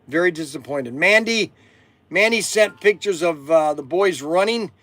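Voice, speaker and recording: Excitable rambling man in his 60s. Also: on the high side, unhurried, dry recording. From Ohio, USA. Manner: excitable, rambling, repeats himself. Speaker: toy shop host. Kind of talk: rambling live-stream chat.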